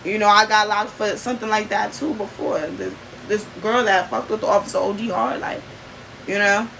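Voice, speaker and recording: A woman's voice: mid-range voice, fairly even intonation, moderate pace, creaky, a bit bright, slight background noise, rough recording. Earnest young woman telling a story. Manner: earnest, emphatic, frequent fillers. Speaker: vlogger. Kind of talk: casual personal storytelling.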